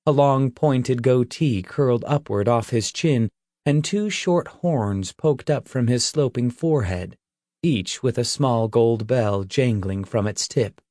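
Slow, measured male storyteller. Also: mid-range voice, a little mellow, dry recording, studio quality. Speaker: audiobook narrator. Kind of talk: scripted narration.

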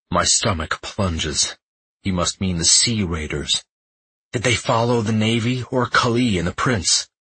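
A man narrating a fantasy audiobook in the first person, tense and measured. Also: low-pitched, sharp tone, breathy edge, low-quality recording.

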